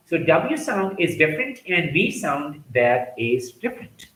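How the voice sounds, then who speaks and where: Man, pronunciation teacher, slow deliberate delivery, echoey room. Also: fairly high pitch, big pitch swings, pushed and bright. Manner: slow, repeating example words one by one. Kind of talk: pronunciation lesson.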